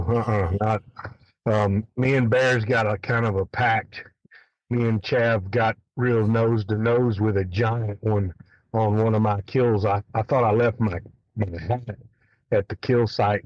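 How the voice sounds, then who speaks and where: A man telling a hunting story in a casual, animated way, swearing freely. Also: fairly low pitch, measured pace, no echo, highs cut off. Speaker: guest elk hunter.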